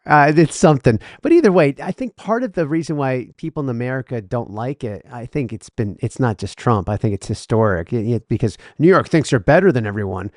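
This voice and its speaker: A man's voice: mid-range voice, lively intonation, a little fast, hardly any pauses, a little mellow, no room sound, studio quality. A man co-hosting a casual podcast, rambling and stammering through his points and laughing often. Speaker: podcast co-host.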